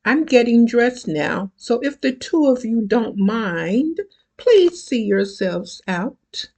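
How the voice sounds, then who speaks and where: The self-published author reading their own book aloud, voicing a poised woman who briefly affects a Valley Girl voice, slow and a bit gravelly. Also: medium pitch, sing-song, a little mellow, exaggerated voice. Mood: breezy.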